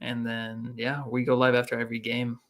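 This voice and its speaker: Bright-voiced man, easygoing guest. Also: medium pitch, completely flat delivery, brisk. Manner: easygoing, laughs at himself. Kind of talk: casual sports chat.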